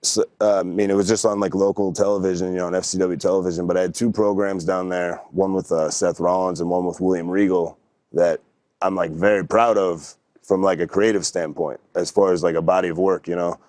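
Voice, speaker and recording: A young man talks in a very deep, unhurried voice, recorded close and dry with no room sound. He tells stories as a guest in a loose, rambling way, full of fillers and restarts. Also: little pitch movement, a little mellow, no echo. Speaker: podcast guest. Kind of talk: casual storytelling.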